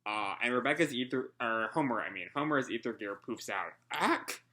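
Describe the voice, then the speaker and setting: A man reads a manga chapter aloud and rambles his way through commentary, full of ums and uhs and the odd casual swear. His voice is bright and forward at an ordinary male pitch. He often laughs along at what he reads. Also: fairly quick. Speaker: manga reaction host. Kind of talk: casual live reading and commentary.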